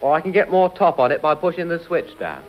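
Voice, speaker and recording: A jargon-spouting radio buff. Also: male voice, on the high side, very animated, brisk. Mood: jargon-happy. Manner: rattling off technical jargon. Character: fast-talking radio-gadget enthusiast full of jargon. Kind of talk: 1940s radio comedy acting. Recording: dull 1940s broadcast with loud music.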